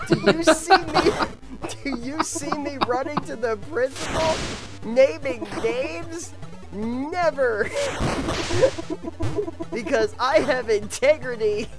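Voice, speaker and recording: Defiant high-school misfit as a man puts him on, theatrical rant, higher voice, game music behind. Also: a little slow. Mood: indignant ranting.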